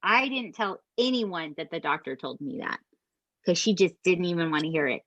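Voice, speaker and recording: A woman, co-hosting a podcast and retelling a true crime story in an animated, casual way that includes swearing. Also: on the low side, normal speed, no echo. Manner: animated, swears, addresses listeners as "you guys". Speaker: podcast co-host.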